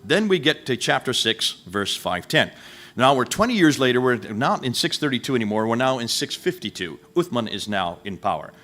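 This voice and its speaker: A man's voice: mid-range voice, big pitch swings, moderate pace, bright, forceful tone. A man giving a live lecture, firing rhetorical questions and turning to address his listeners directly.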